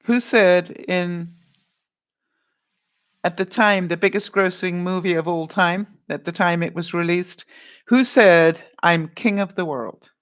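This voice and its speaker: A woman's voice: fairly low pitch, slow, long pauses, clean tone. Chatty woman hosting a live stream. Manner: chatty, laughing, hosting movie-quote trivia. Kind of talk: casual live-stream chat, reading viewer comments.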